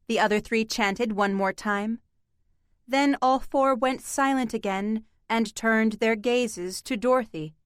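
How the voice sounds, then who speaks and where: A woman narrating an audiobook in a measured, deliberate scripted delivery. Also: a little high, smooth, dry recording, clean studio sound.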